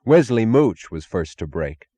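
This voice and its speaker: Deep-voiced male audiobook narrator. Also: big pitch swings, warm tone, slightly rough, no echo. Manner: measured, dramatic reading. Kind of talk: scripted narration.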